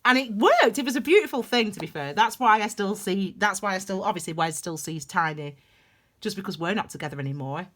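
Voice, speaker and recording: A woman's voice: mid-range voice, animated, fairly quick. A young woman giving a tarot reading in a rambling, heartfelt, confessional way. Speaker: tarot reader. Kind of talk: casual tarot reading monologue.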